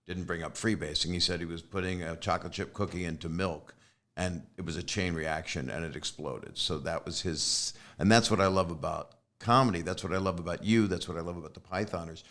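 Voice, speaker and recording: Male host, deep low voice, reflective, earnest, trailing thoughts. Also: brisk, fairly bright tone. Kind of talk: casual interview chat.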